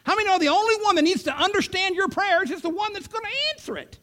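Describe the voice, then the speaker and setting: A man preaching a sermon, swinging between loud declarations and hushed whispers. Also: extremely high pitch, fast talker.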